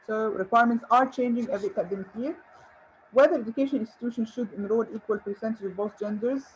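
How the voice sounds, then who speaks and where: A woman's voice: a little high, fast, slight background noise, rough recording. A woman English teacher giving an online grammar lesson, encouraging and asking her viewers questions. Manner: encouraging, rhetorical questions and praise.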